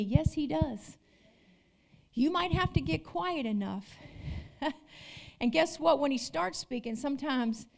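A woman pastor delivers a sermon in a high voice. She calls out to her congregation and moves between loud, fervent declarations and hushed, intimate storytelling. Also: moderate pace, creaky. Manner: preaching with call-outs, rising and dropping intensity.

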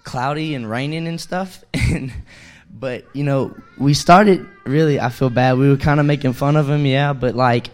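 A young man giving a casual, chatty sermon, full of fillers and restarts, growing louder on key points. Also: mid-range voice, moderate pace. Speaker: young preacher.

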